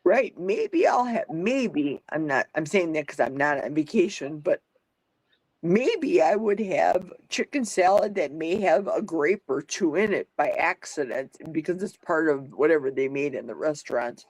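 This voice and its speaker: Older woman, livestream host, talkative, thinks out loud, dry sound. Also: deep voice, animated, a little slow, dry recording, low-quality recording. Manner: chatty, thinks aloud, reads out comments. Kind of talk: casual live chat.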